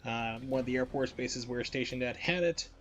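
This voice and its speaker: A man talking loosely through a live game stream at an ordinary mid pitch, wandering from thought to thought with dry asides to his viewers. Quiet game music runs underneath his voice. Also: a little fast. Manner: rambling, wry, chatting to viewers. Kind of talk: casual gameplay commentary.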